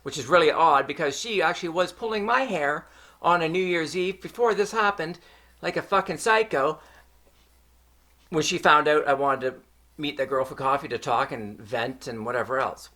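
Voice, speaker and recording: A man's voice: on the high side, normal speed, pushed and bright. Profane ranting Canadian man. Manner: profane, heated ranting with frequent swearing. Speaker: vlogger. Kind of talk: angry personal storytelling.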